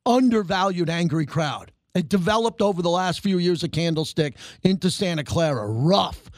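A man hosting a sports radio show, questioning his guest in an energetic, conversational way. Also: sits high, moderate pace, no echo.

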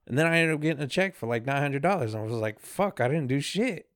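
A man's voice: fairly high pitch, expressive, quick pace, fairly bright tone, no echo, studio quality. A man co-hosting a podcast, telling a story in laid-back slang and quoting what others said to him. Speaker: podcast co-host. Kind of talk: casual storytelling chat.

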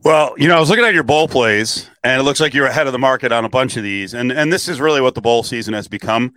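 A man's voice: mid-range voice, fast talker, a bit bright, dry recording. A man hosting a sports talk radio show, chatting and reading out call-in numbers and promotions. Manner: chatty, reads phone number and ad plugs.

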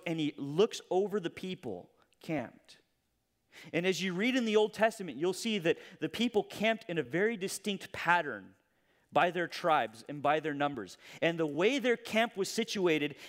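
Male pastor, sermon storytelling, high voice, animated, dramatic loud-to-hushed delivery. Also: in a large hall.

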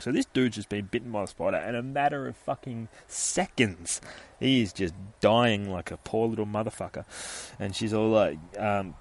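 A man's voice: on the low side, moderate pace. A man retelling a comic story in casual, profanity-heavy speech, acting out the scenes. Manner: swears constantly, animated retelling with voices.

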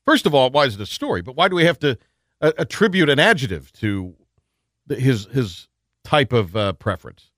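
A man's voice: medium pitch, no echo, studio quality. A man hosting a sports talk radio show, chatting and joking casually with his co-host, often restarting his sentences. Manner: animated, quick to joke, restarts sentences.

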